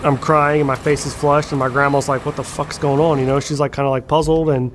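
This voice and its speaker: A young man telling a painful personal story in a halting, candid way, with repeated words, fillers and swearing. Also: medium pitch, little pitch movement. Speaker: storyteller sharing a personal account. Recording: clear background engine noise.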